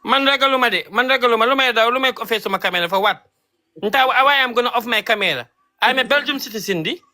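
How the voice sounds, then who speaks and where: Man from gambia, high sharp voice, rapid defiant back-and-forth on a live stream. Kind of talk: heated live stream argument.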